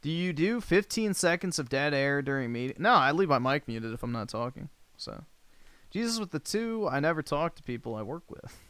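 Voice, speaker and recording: A man's voice: a little high, very animated, fairly quick, fairly bright tone, clear, resonant tone, dry recording. A man hosting a livestream, chatting casually and reacting to comments in a blunt, crude, offhand way. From United States. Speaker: livestream host.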